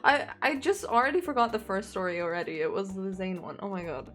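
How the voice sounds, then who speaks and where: A young woman reading fanfiction aloud as a content creator, breaking in with animated, sarcastic jokes and giggles. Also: medium pitch, fairly quick, soft background music.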